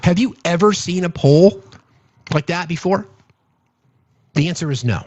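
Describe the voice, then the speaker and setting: A man's voice: sits high, a little slow, darkish tone, no room sound, lo-fi sound. A man giving casual political commentary, indignant and rambling, often restarting his sentences.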